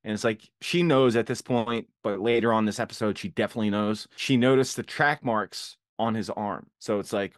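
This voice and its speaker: A man hosting a casual podcast, recapping a TV episode with animated retelling and acted-out quotes. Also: mid-range voice, brisk, few pauses, no echo, clean studio sound. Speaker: podcast host recapping a TV show.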